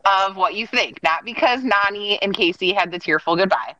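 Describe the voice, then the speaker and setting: A woman chatting casually as a podcast co-host, talking in quick bursts with plenty of "like" and acting out what others said. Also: mid-range voice, sharp tone, no room sound, rough recording. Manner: chatty, lots of "like" and restarts, acts out quotes. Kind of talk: casual chat recapping a reality show.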